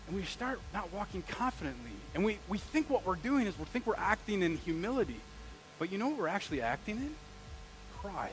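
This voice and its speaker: High-voiced, animated preaching man. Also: fast, slight background noise, rough recording. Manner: animated, conversational preaching with rhetorical questions and slang. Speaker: pastor. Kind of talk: sermon. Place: church sanctuary.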